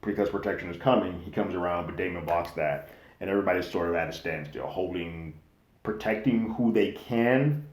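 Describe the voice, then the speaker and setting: Brief: low-voiced male host, casual slangy show recap, echoey room. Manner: slangy and animated, acting out quotes loosely. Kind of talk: casual episode recap and review.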